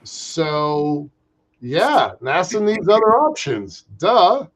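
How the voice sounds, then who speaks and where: A man co-hosting a podcast, chatting casually about space industry news in an animated way, often restarting his sentences. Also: fairly high pitch. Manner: animated, halting with restarts and fillers. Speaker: podcast co-host. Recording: muffled lo-fi audio.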